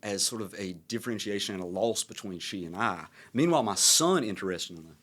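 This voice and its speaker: A man in his thirties with a Southern American accent, speaking in a fairly low voice. He hosts a podcast conversation and muses reflectively, winding through his thoughts with plenty of fillers. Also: lively intonation, fast talker, fairly bright tone. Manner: reflective, rambling, many fillers. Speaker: podcast host. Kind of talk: casual conversation.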